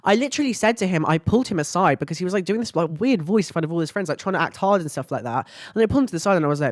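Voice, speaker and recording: A woman's voice: lowish voice, expressive, rapid-fire, few pauses, no room sound, studio quality. A young woman hosting a podcast, talking in a blunt, chatty way with lots of filler words and swearing. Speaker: podcast host. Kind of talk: casual chat to camera.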